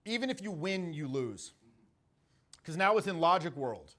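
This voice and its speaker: A man's voice: a little high, sing-song, normal speed, a bit bright. A man in his forties, a social skills coach, giving a blunt, jokey coaching talk full of stories and swearing. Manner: blunt, profane, jokey storytelling.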